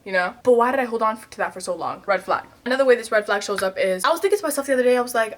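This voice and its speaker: A woman, telling candid stories about herself in a vlog, swinging between loud outbursts and quiet asides. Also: a little high, lively intonation, rapid-fire, few pauses. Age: 20s. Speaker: vlogger.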